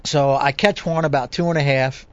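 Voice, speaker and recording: A man's voice: mid-range voice, fairly even intonation, normal speed, dry recording, muffled recording. A man in casual conversation, telling a long fishing story with many restarts and "you know"s. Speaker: guest angler.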